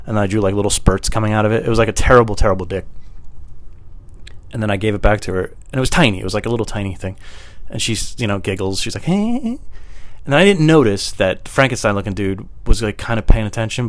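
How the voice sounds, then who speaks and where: Man, low voice, casual podcast storyteller, rambling, lots of "like", small desk mic. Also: dry recording. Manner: rambling, filler-heavy, jumps high when voicing others. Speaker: podcast host. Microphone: small desktop microphone.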